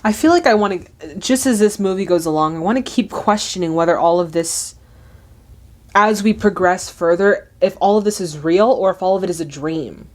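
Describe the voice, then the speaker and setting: A woman hosting a movie reaction, talking in an animated, chatty way, often exclaiming at what she sees. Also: lowish voice, normal speed.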